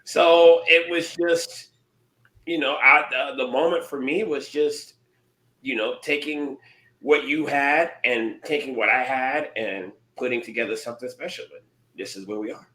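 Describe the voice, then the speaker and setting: A man's voice: mid-range voice, a little slow, echoey room, poor audio. A man co-hosting a podcast, talking earnestly and thoughtfully about his experience. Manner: earnest, thoughtful, speaks calmly. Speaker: podcast co-host. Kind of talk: casual podcast chat.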